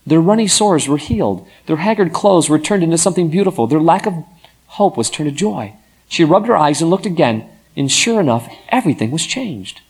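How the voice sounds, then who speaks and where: A man narrating a story in an expressive, dramatic storytelling manner. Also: fairly high pitch, brisk, husky.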